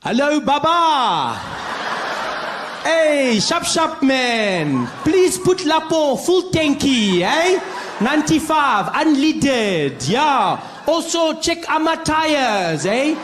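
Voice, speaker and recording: A man playing a patronizing white driver who talks down to a petrol attendant in loud, slow, broken pidgin. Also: very high voice, big pitch swings, reverberant, a little hiss or hum, voice pushed up, full character voice.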